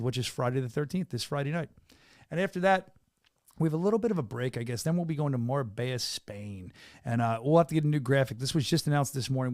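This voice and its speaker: A man hosting a casual podcast from a small studio, talking with an excitable hype-man energy. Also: mid-range voice, dry recording. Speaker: podcast host and venue announcer.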